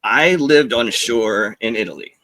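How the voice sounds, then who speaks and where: A man with a bright, forceful voice tells stories in a loose, rambling way. He jumps into quoted lines and laughs as he goes, like a guest chatting on a podcast. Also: mid-range voice, a little slow. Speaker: podcast guest, former Navy journalist. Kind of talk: casual storytelling.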